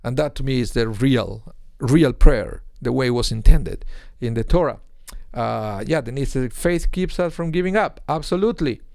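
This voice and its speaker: A man's voice: medium pitch, moderate pace, gravelly, few pauses, darkish tone, no echo, clean studio sound. A man, a rabbi, giving an informal online Torah lesson, explaining with rhetorical questions and acting out quotes. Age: adult with a young son. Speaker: rabbi teaching a weekly Torah class.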